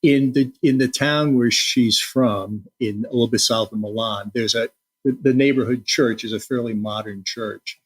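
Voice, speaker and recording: A man's voice: mid-range voice, a bit bright, breathy edge. A man hosting a podcast interview in a friendly, hesitant way. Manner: friendly, hesitant, with many fillers. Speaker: podcast host. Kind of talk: casual interview.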